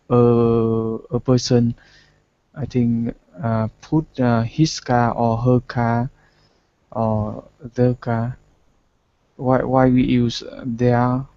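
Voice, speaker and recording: A man, a student in an English class, asking a question haltingly while searching for words. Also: medium pitch, no room sound. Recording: dull lo-fi audio.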